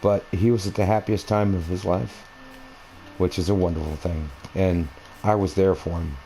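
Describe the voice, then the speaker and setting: At home with a console game, a man with a low, dark voice tells a long, rambling personal story as he plays for his gaming videos. He speaks conversationally and drifts around, often using fillers and starting over. There's slight background noise and the recording quality is low.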